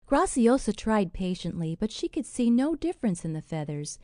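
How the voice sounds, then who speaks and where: A woman narrating a fairy tale audiobook in a measured, expressive way. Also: mid-range voice, dry recording, studio quality.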